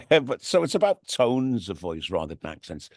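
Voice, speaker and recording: A man's voice: mid-range voice, very animated, moderate pace, no room sound, studio quality. A middle-aged man with a Liverpool accent, talking in a casual, rambling way in an interview, with lots of "you know what I mean". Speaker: radio DJ and TV presenter, interview guest. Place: radio studio.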